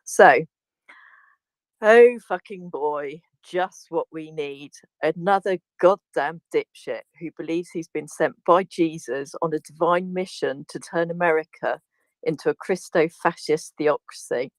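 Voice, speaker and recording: A woman's voice: sits low, unhurried, dry recording, poor audio. A woman with a British accent, a teacher, reading a profane piece aloud with glee and laughter in a casual live audio chat. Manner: gleeful, laughing while reading a profane rant.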